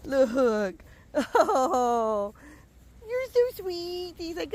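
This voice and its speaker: Casual vlogger woman, outdoors with her animals, high singsong baby talk, slow and lively. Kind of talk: casual chat with farm animals.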